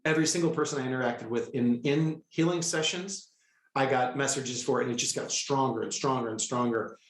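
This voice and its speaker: A middle-aged man telling a personal story with excitable, animated energy, often breaking into quoted dialogue. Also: mid-range voice, brisk. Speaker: guest, healer. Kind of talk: storytelling in a conversational interview. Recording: echoey room.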